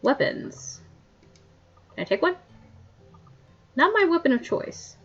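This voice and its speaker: A woman's voice: extremely high pitch, very animated, slow pace, a bit bright, dull audio. A woman giving playful, giggly gameplay commentary while playing a game. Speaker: game streamer.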